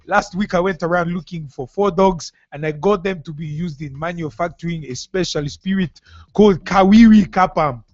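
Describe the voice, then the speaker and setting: A solemn, boasting male witch doctor speaks in a high, mock Ghanaian accent, as a man puts him on. He sounds menacing and sure of his spell. The lo-fi call audio dulls the sound. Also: normal speed, a little mellow, no room sound, lightly acted.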